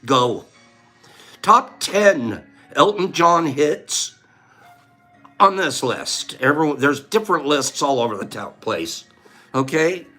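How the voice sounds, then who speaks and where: A man hosting a playful live-stream giveaway, calling out names loudly in a singsong way. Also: fairly high pitch, expressive, slow, long pauses, faint music behind.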